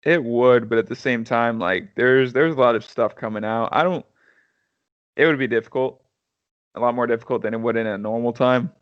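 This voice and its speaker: A man's voice: medium pitch, normal speed, smooth, no room sound. Man rambling casually on a dull lo-fi recording. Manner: rambling, trailing off quietly at the end of phrases. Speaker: podcast co-host. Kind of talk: casual chat.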